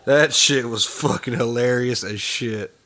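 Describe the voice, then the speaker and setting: A man's voice: mid-range voice, measured pace, pushed and bright. A man hosting a reaction video, giving sarcastic, profane commentary on clips. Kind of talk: mocking commentary over clips.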